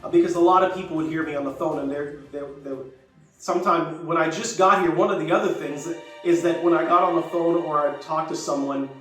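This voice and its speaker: A man's voice: fairly high pitch, steady tone, fairly quick, fairly bright tone. A man in his sixties, raised in Jamaica and now speaking with an American accent, telling a personal story in a thoughtful, conversational way that circles back to rephrase. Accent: American, Jamaican trace lost. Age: 60s. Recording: very echoey, distant mic, faint music.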